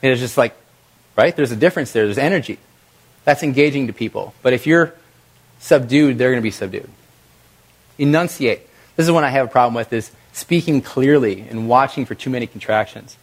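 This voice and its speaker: A middle-aged man giving an energetic coaching talk to a live workshop audience. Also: mid-range voice, a little fast. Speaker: video presentation trainer.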